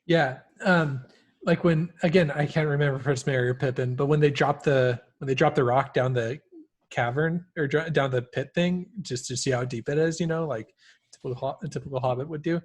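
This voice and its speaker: A man's voice: fairly high pitch, fairly quick. A man co-hosting a podcast, casually recalling scenes from a book in an easygoing, chatty way. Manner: easygoing, storytelling chat with restarts. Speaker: podcast co-host.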